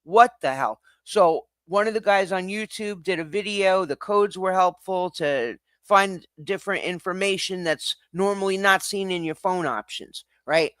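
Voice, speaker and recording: Animated swearing man ranting on a stream. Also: high voice, unhurried, hardly any pauses, smooth, no echo. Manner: animated, swearing, laughing ranter. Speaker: livestream host. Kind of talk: casual ranting livestream. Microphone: streaming setup mic.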